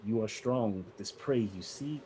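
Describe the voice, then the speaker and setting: A man voicing a menacing aristocratic male vampire lord, speaking slowly, low and hushed in a tabletop game. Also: slight background noise, lightly acted, low-quality recording. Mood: taunting. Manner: slow, low, hushed and taunting.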